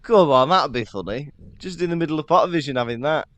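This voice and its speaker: A man's voice: a little high, quick pace. A man co-hosting a casual podcast, telling stories with laughter. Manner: lively and laughing, animated storytelling. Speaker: podcast co-host. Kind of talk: casual chat.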